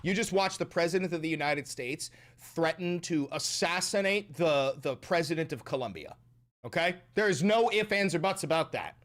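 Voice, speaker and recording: A man's voice: fairly high pitch, lively intonation, moderate pace, fairly bright tone. A man streaming and commenting on the news in a casual way, swearing a lot and ranting in exasperation.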